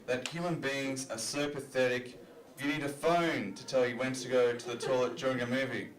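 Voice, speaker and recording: A man's voice: medium pitch, steady tone, moderate pace. A man doing a stand-up comedy set on a club stage, talking in a loose, self-deprecating way full of "you know" fillers. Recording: roomy club recording.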